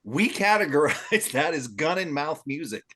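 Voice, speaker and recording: Lively male podcast co-host. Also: a little high, slightly rough. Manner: halting, interrupting to add a point. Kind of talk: casual chat.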